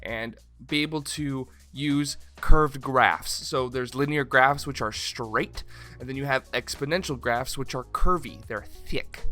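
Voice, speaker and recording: A man's voice: mid-range voice, a little slow, bright, forceful tone, soft background music. A man with a slight Southern twang hosting a casual comedic science explainer, irreverent and swearing freely. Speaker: science video host.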